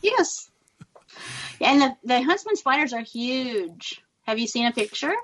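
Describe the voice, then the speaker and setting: A woman from California with an American accent, chatting casually as a guest and telling stories with animated detail. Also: high voice, unhurried. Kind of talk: casual chat. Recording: dull lo-fi audio.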